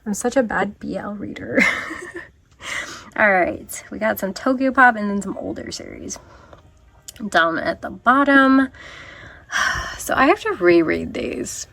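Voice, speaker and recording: A woman manga vlogger in casual, rambling chat, self-deprecating and often trailing off into quieter asides. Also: mid-range voice, big pitch swings, takes it slowly, vocal fry, pauses often, dry recording.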